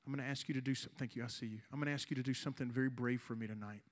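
Earnest youth pastor guy preaching, slows right down to plead, mid voice. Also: mid-range voice, fairly even intonation. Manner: earnest, pleading, with slow emphatic stretches. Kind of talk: sermon with altar call. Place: youth event room.

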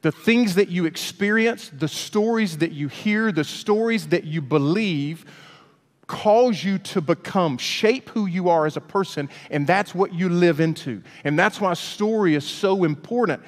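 Man, preacher, animated storyteller, fairly high voice, reverberant hall. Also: a little slow. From Alabama, US. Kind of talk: storytelling sermon.

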